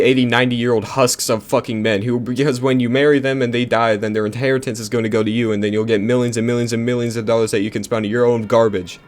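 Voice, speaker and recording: A man with a nasal voice giving a profane, heated comedic rant, his voice jumping up whenever he gets riled. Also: medium pitch. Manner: foul-mouthed, heated, voice jumps up when riled. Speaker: channel host.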